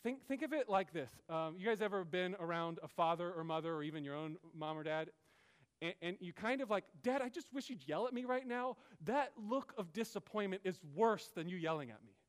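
A man's voice: high voice, fairly quick, smooth. A man preaching a sermon as pastor, earnest, with rising and falling emphasis.

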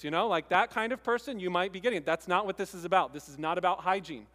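With a high-pitched voice echoing through what sounds like a big church hall, this pastor delivers his sermon conversationally and at ease. He stresses important words forcefully and lets pauses underline his points.

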